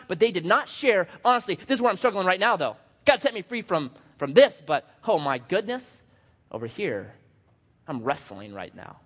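A male pastor giving a casual, conversational sermon, acting out quotes and joking at his own expense. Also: high voice. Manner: animated, conversational and self-deprecating, acting out quotes. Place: church sanctuary. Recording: dull lo-fi audio in a long-reverb church hall.

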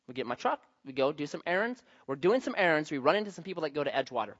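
A man's voice: a little high, animated, racing, hardly any pauses, no room sound. A male pastor teaches from scripture in an easy, conversational tone. He leans into key words with sudden bursts of emphasis. The recording sounds slightly muffled. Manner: conversational, emphatic, varies loudness for stress. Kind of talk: sermon with anecdotes.

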